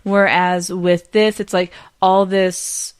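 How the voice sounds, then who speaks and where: Wanita agak mabuk, ngobrol santai, suara kering. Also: female voice, fairly low pitch, little pitch movement, takes it slowly, clear, resonant tone, no echo. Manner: chatty, laughs often, tipsy. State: slightly drunk. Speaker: podcast co-host. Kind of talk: casual movie review chat.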